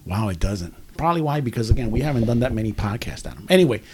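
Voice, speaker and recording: Laughing podcast host with a lively voice. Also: male voice, on the low side, very fast, slight background noise. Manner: laughs often, keeps addressing his co-host by name. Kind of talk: casual chat.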